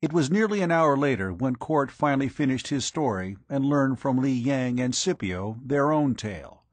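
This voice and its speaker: A man narrating an audiobook in a measured, steady reading. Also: medium pitch, dry recording.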